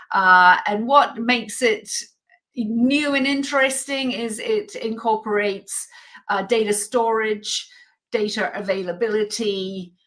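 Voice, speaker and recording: A woman's voice: medium pitch, fairly bright tone, low-quality recording. Articulate woman with New Zealand-British accent. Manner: articulate, wry, explanatory. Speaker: guest, foundation executive. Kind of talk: interview answers. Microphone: remote call.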